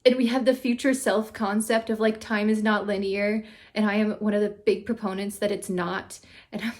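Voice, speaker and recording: A woman hosting a reaction video who reviews a TV episode in a casual, gushing, excitable way. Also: medium pitch, moderate pace.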